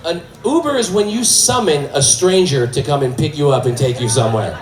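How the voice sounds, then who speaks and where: A man in his thirties doing a stand-up routine and telling animated stories with a high, lively voice. He is heard from a distance through a stage mic in an echoey club. A faint audience murmurs in the background. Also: fairly quick, crowd noise. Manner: animated storytelling. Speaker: stand-up comedian.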